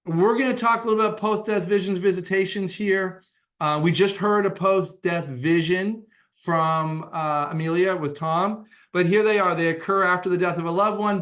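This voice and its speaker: A man who is a psychotherapist gives an educational talk in a measured, explanatory way, often pausing with "uh". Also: on the high side, fairly bright tone. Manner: measured and explanatory, with frequent "uh" fillers. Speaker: psychotherapist presenting on a webinar.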